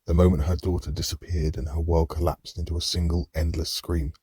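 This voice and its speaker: A man narrating a dark fantasy audiobook in the first person, measured and somber. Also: low voice, little pitch movement, husky, no room sound, clean studio sound.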